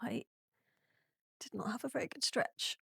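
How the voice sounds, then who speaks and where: A woman's voice: moderate pace, fairly bright tone, no echo, studio quality. A young woman teaching a casual guided yoga class, chatty and giggly, often apologizing through yawns.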